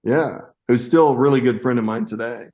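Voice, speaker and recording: A man's voice: mid-range voice, a little fast. A man in his sixties, a veteran actor and screenwriter, telling stories in a casual interview and acting out other people's lines as he goes. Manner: animated storyteller who acts out other people's lines. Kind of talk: casual anecdotal storytelling.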